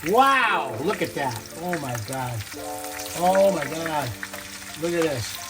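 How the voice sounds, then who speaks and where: A man's voice: on the high side, lively intonation, slow, background noise. A man hosting a home cooking demonstration in a kitchen, playful and chatty, talking straight to his viewers. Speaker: cooking show host. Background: background music.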